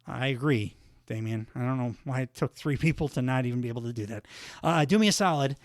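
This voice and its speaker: A man's voice: mid-range voice, fast talker, no room sound, studio quality. A man hosting a solo podcast in a casual recap style, rambling with lots of fillers and self-corrections. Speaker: podcast host.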